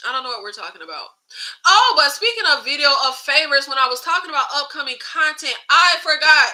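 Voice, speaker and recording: A woman hosts a casual livestream with a high, very bright voice. She talks in an animated way, swears freely and answers viewer comments. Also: fast, low-quality recording. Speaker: YouTube host.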